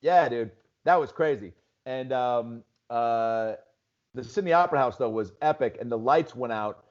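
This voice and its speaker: The audio is dull, and the man speaks at a moderate pace with a medium pitch. He's a stand-up comedian from Seattle, USA, guesting on a casual podcast and telling stories loosely, heavy on "dude" and "like."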